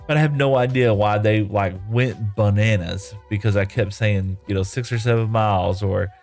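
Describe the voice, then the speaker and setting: A man's voice: on the low side, steady tone, normal speed, a little mellow, soft background music. A man live-streaming a game, chatting casually and reading viewer comments in a rambling, easygoing way, often laughing.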